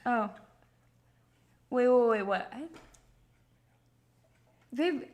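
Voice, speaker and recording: A woman's voice: fairly high pitch, very slow, a little mellow, lo-fi sound. A woman co-hosting a live stream in casual chat, chatty and giggly.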